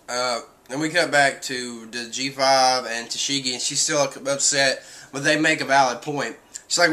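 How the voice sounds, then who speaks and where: A man's voice: medium pitch, steady tone, normal speed, sharp tone. A man casually reviewing a manga chapter, rambling through the story with many fillers and acting out quotes.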